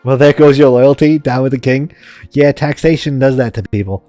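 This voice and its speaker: A man streams a strategy game, reading out its text and reacting in an excitable, jokey way. His voice sits mid-low with a mellow, dark tone. The sound is dry, with faint music underneath. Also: normal speed, no echo. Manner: excitable, jokey, laughing often.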